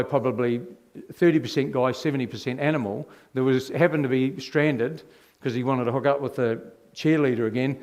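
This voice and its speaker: Middle-aged New man telling his testimony. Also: mid-range voice. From New Zealand. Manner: animated, rhetorical questions to the audience. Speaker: speaker giving his testimony. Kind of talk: personal testimony storytelling.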